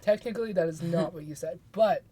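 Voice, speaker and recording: A woman's voice: lowish voice, quick pace, dark tone, a little hiss or hum. A woman streaming a video game, chatting casually and making dry, teasing remarks. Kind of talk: casual gaming commentary.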